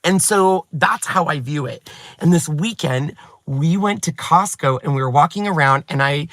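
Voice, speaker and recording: A man in his forties, a craft YouTuber and channel host, chatting to his viewers in a lively, self-mocking way. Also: fairly high pitch, normal speed, dry recording. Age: 40s. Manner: chatty, animated and self-mocking, with bursts of laughter. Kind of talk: chatty vlog storytelling to viewers.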